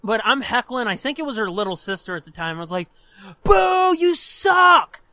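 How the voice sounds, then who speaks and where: A man co-hosting a podcast, telling crude stories in an animated way and laughing often. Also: high voice, quick pace, no room sound. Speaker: podcast co-host. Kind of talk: casual chat, storytelling.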